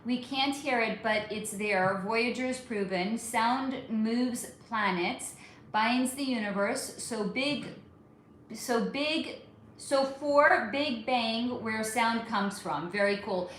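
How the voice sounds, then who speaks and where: A woman's voice: fairly high pitch, takes it slowly, a bit bright. A woman hosting a live stream, chatting casually, reading viewer comments, swearing freely and calling people honey. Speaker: livestream host. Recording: very echoey room, faint background hum.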